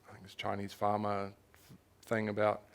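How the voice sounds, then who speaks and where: He speaks at a moderate pace in a monotone, low-side voice. The young New Zealand author is on stage at a festival for a candid live conversation, telling his story in a frank, animated way, with laughs and the odd swear word.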